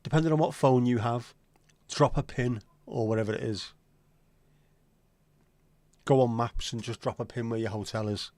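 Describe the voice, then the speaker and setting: A man's voice: mid-range voice, steady tone, normal speed, long pauses, a little mellow, dry recording. Chatty man hosting a livestream. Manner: chatty and joking, answers viewer comments. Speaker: livestream host. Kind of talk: casual livestream chat with viewers.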